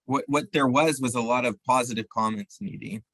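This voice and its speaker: A man's voice: mid-range voice, fairly even intonation, fairly quick, fairly bright tone, dry recording. A man moderating a webinar over a video call, briefly passing on appreciative remarks to the speaker.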